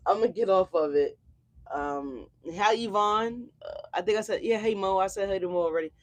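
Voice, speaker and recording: A mid-range voice at normal speed belongs to a tarot reader hosting her channel's casual live reading. She speaks directly to viewers in an exuberant, slang-heavy, exclamatory style and swears a lot.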